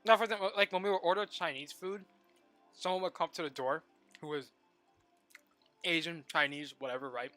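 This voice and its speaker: A young adult man talking casually on a live stream while gaming, rambling and animated, full of "like" and stop-start restarts. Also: a little high, a little fast, pauses often, soft background music. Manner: rambling and animated, heavy use of "like" and repeated restarts.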